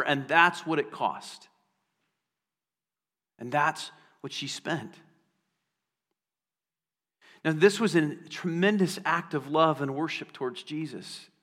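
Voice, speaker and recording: High, bright-voiced preacher in reverberant hall. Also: male voice. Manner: earnest preaching, slows down and repeats for emphasis. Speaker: pastor. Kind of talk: sermon.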